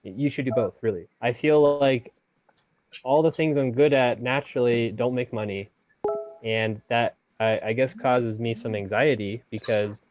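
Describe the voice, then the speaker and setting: A young college student talking in a casual group video call, tentative and searching for words. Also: male voice, mid-range voice, moderate pace, darkish tone. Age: young adult. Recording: dull video call audio.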